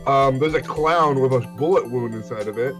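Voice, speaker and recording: A man's voice: mid-range voice, normal speed. Casual man playing a game, rambling, faint background music. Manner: rambling, thinking aloud. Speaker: game player voicing characters. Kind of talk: casual let's-play chat.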